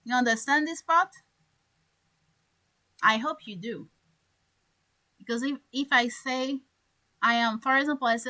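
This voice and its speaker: A woman teaching English to learners online. Her voice is high and bright, and she speaks slowly. She stretches out key words and acts out little scenes to make her point. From French-speaking Africa. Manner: stresses words by drawing them out, acts out examples. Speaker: English coach.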